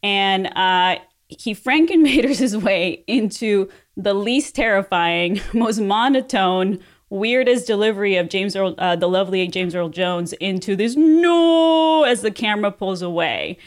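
A woman's voice: medium pitch, unhurried. A woman in her forties on a casual podcast panel, rambling with many fillers.

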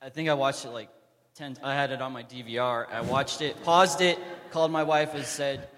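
A man's voice: mid-range voice, normal speed, a bit bright, big-room sound. A man from the audience at a live podcast, chatting about watching a favorite moment.

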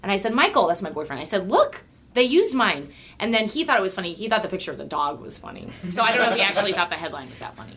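A woman's voice: lowish voice, expressive, very fast, hardly any pauses, background noise. A woman guest in casual chat, telling stories in a rambling way with many restarts and fillers. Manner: rambling, lots of restarts and laughter. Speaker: guest comedy writer and actor.

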